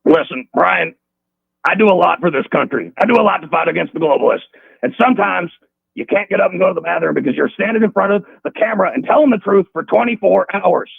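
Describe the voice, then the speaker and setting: An actor playing a paranoid, combative male conspiracy radio host in a comedy phone-call sketch, ranting in raspy, insulting tirades over a tinny phone line. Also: high voice, no echo, full character voice. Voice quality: gravelly, raspy. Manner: shouty tirades, insulting, rapid-fire.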